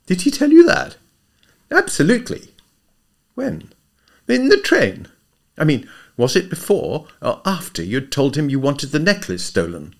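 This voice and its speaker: A man voicing a brisk, impatient young woman who speaks firmly. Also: fairly high pitch, wildly swooping pitch, gravelly, voice pushed up, full character voice. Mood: questioning. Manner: impatient, firm.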